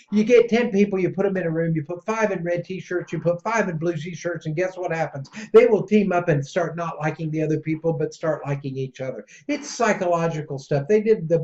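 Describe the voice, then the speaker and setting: Excitable rambling male podcast host. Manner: excitable and rambling, jumps between pitches. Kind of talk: casual monologue podcast. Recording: dull lo-fi audio.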